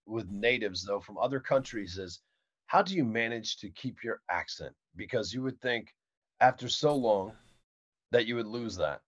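A middle-aged man telling stories as a podcast guest in a relaxed, casual way, with fillers like "um" and "uh". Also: fairly low pitch, moderate pace. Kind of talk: casual interview storytelling. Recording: muffled, dull mic.

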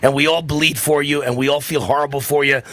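A fervent male talk radio host with a bright, forceful voice that drives every point home through repetition. The sound is dry and close, with no room around it. His talk runs indignant and emphatic. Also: on the high side, fairly even intonation, brisk, dry recording. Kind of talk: political talk radio commentary.

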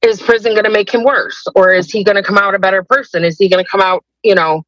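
A woman's voice: mid-range voice, steady tone, fast, a bit bright, no room sound, muffled recording. A woman telling her personal story as a guest in a podcast interview, hesitant and rambling, with many restarts.

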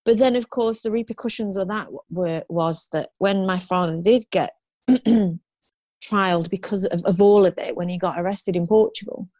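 A woman's voice: mid-range voice, moderate pace, darkish tone, no echo. A woman in her fifties, a guest in an interview, telling her story frankly and ramblingly, with restarts and rueful laughs.

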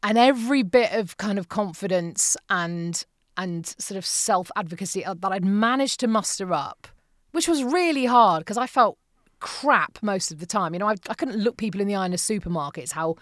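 Expressive woman in her late forties, podcast guest, dry studio sound. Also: medium pitch, normal speed, no room sound. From from abroad, living in the USA. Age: late 40s. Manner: animated storyteller, acts out quotes, swears freely. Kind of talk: casual conversation.

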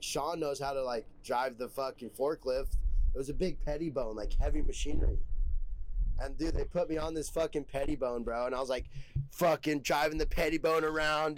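A man's voice: medium pitch, dry recording. A young man telling stories casually as a podcast guest, rambling with heavy slang and swearing. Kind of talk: casual storytelling.

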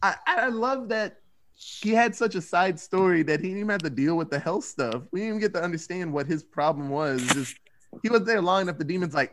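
A man with a slightly raised voice rambles through a movie recap in casual, profane talk. He slips in quick acted-out lines from the characters. Loose and conversational throughout. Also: high-pitched, expressive, a bit bright, a little hiss or hum. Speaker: podcast panelist.

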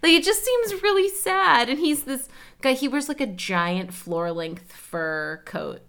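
A woman's voice: sits high, expressive, measured pace, fairly bright tone. Chatty young woman telling a story. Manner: chatty, lots of "like", acts out quotes. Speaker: podcast co-host. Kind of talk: casual storytelling chat.

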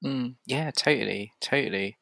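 A man's voice: medium pitch, normal speed, vocal fry, a bit bright, no room sound. A man with an English accent, hosting a casual podcast interview, talking reflectively with frequent restarts and acted-out quotes. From Yorkshire, England. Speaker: podcast host.

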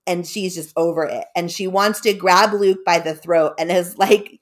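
Low-voiced woman casually retelling a story. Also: normal speed, hardly any pauses. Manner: chatty, loose, full of "like" and "kinda".

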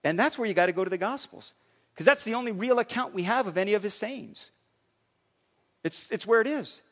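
Lively high-voiced man preaching in a hall. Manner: animated, conversational, with repeated words. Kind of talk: sermon. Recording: long hall reverb.

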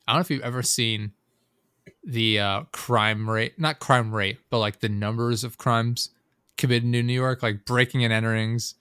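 A man's voice: medium pitch, steady tone, normal speed, fairly bright tone, smooth, dry recording, studio quality. A young man in casual chat, telling a rambling, profane story full of fillers and asides.

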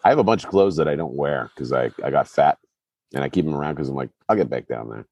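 A man's voice: rumbling low, fast talker, a little mellow, no room sound, dull audio. A man co-hosting a casual podcast chat, joking around and swearing freely. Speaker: podcast co-host.

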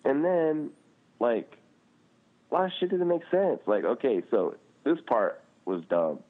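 A man's voice: mid-range voice, a little slow. A man co-hosting a podcast, ranting casually and swearing often, with lots of "like" fillers. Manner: animated, swearing, frequent "like" fillers. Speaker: podcast co-host. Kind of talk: casual chat. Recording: tinny phone-like line.

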